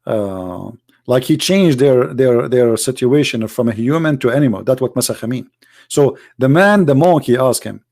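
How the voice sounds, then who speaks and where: A man with an Arabic accent hosting a live stream, reading and translating a text aloud in halting English with many restarts. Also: mid-range voice, expressive, gravelly, a little mellow. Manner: halting, restarts and searches for words.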